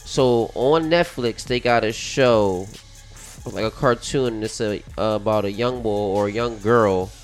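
A man's voice: on the low side, a little slow, faint music behind. A man in a casual discussion, telling things loosely with plenty of fillers. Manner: loose, filler-heavy storytelling.

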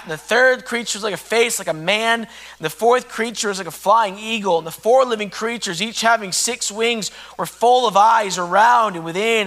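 A man preaching a sermon with passion, swinging from hushed, intimate lines to loud shouting. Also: high-pitched.

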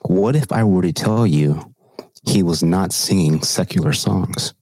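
Profane, animated man chatting. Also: deep voice, measured pace, gravelly, no room sound. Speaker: podcast co-host. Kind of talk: casual chat.

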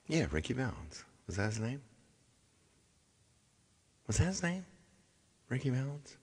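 A man's voice: mid-range voice, big pitch swings, a little slow, pauses often, husky. A middle-aged man hosting a casual livestream, chatting to viewers and scolding them in mock sternness, with many restarts. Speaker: livestream host and singer.

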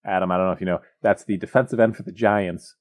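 A man's voice: sits low, steady tone, fast talker. A man telling a story in casual, joking podcast chat, rambling with comic asides.

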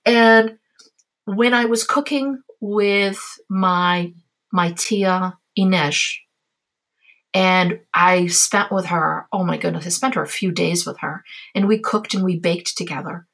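A woman from the Azores tells family stories as an interview guest, with a bright and clear tone. She talks casually and warmly, sharing heartfelt memories in an animated way. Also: lowish voice, slow pace. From Azores, Portugal. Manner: animated, heartfelt, acts out voices in her anecdotes. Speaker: guest, cookbook author.

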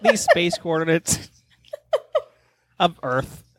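On a comedy podcast, a male co-host tells a crude, meandering story, swearing a lot and sounding exasperated, with loud free jazz behind him. His voice is a little high with wildly swooping pitch, he takes it slowly, and the recording is dry.

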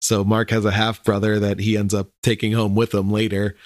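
A man's voice: on the low side, completely flat delivery, fairly quick, dry recording, studio quality. Laid-back man musing on a podcast. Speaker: podcast co-host. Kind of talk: casual chat.

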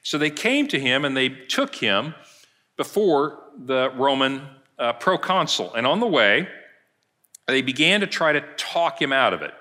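A man's voice: mid-range voice, big pitch swings, a little slow, sharp tone. A middle-aged male pastor preaching a sermon, retelling a story and acting out the quoted lines.

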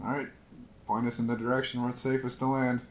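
A man's voice: medium pitch, level tone, quick pace, echoey room. A man playing a tabletop game with friends, joking and playful. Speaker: player. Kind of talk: casual chat.

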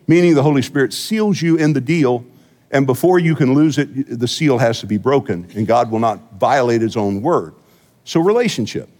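A man's voice: mid-range voice, darkish tone, long reverb tail. A man preaching a sermon as senior pastor, conversational and joking, often restarting and repeating himself. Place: church sanctuary.

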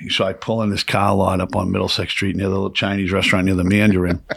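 A man's voice: sits low, little pitch movement, fast, creaky, breathy edge, no room sound. A man telling a rambling, profane story in casual conversation as a podcast guest.

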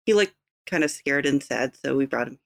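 A woman's voice: rumbling low, expressive, fairly quick, creaky, dry recording. Tentative woman player. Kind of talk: in-character tabletop talk.

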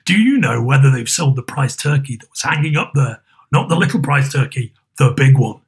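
A man voicing a reformed old miser with a lower, gruff and emphatic voice in a storybook reading. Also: animated, fairly quick, exaggerated voice. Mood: gleeful. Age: older.

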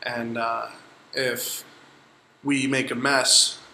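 A man's voice: mid-range voice, level tone, very slow, sharp tone. A man who works in restaurants, a guest on a casual podcast, trading laid-back, dry quips. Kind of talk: casual chat. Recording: echoey room with faint noise.

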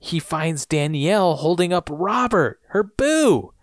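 Guy recapping tv on a podcast, pitch jumps all over, does little voices, dry close mic. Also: unhurried, no room sound. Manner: lively storytelling, acts out lines in funny voices. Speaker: podcast co-host. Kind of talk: casual recap chat.

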